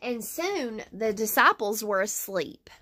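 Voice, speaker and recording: A woman teaching a Bible story lesson, reading slowly and deliberately with fillers and self-corrections. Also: fairly high pitch, animated, pushed and bright.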